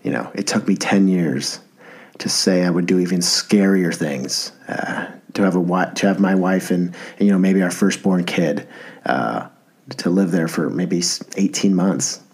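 A podcast host in his thirties delivers a casual monologue, rambling with enthusiasm and poking fun at himself. His voice sits low, unhurried, a little mellow and slightly rough.

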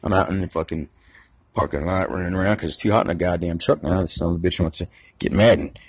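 A man's voice: low voice, fast, husky, no echo. A man telling a rambling, profane story in a casual rant. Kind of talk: casual ranting anecdote.

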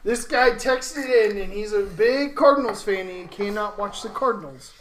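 A man with a bright, forward voice chats on a casual sports podcast. He tells stories at length and answers questions briefly and dryly. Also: sits high, normal speed, reverberant, a little hiss or hum. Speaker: podcast co-host.

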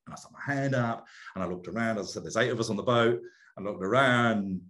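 Middle-aged male guest, fairly low voice, lively storyteller who laughs and stumbles over repeats. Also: fast talker. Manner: animated, laughs often, repeats words. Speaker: podcast guest. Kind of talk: casual storytelling.

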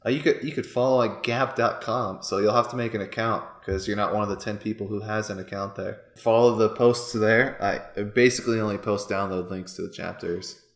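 A man in his thirties co-hosting a podcast, talking in an animated way full of fillers and frequent laughs. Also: on the low side, brisk, few pauses, echoey room. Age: 30s. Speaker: podcast co-host. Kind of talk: casual chat.

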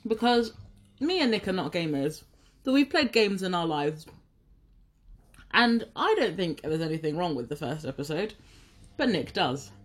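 Young woman on a podcast, lowish, rambly and giggly. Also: very animated, normal speed, long pauses. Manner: chatty, self-correcting, giggly. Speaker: podcast co-host. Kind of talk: casual chat.

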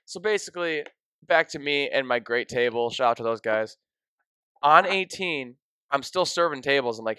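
A young man hosting a podcast, telling an emotional story in a casual, excitable way, full of "dude" and "like.". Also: mid-range voice, normal speed, clean tone, no echo. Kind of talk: casual chat.

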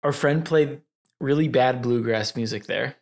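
A man with a strongly gravelly, fry-heavy voice chats as a podcast co-host. He stumbles over repeated words and laughs readily. His pitch sits mid-range. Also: measured pace. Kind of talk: casual interview chat.

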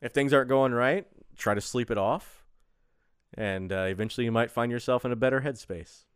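A man's voice: mid-range voice, brisk, clean tone, no room sound, clean studio sound. A man co-hosting a podcast in a casual, jokey chat, laughing often and rambling through his stories. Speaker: podcast co-host.

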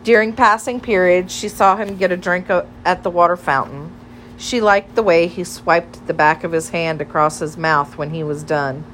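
A woman narrating a children's story in a gentle, measured reading. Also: on the low side, fairly even intonation, a little hiss or hum. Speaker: audiobook narrator.

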